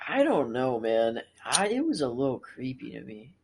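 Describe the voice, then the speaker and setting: A man's voice: medium pitch, very animated, normal speed, gravelly, husky. A young man as a podcast guest, chatting casually and hesitantly, repeating himself. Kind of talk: casual chat.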